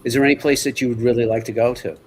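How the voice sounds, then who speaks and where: A man's voice: medium pitch, steady tone, racing, darkish tone. A man from Long Island with a New York accent, chatting casually as a livestream guest and asking lots of questions. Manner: asks many questions, rambling with restarts. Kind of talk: casual chat.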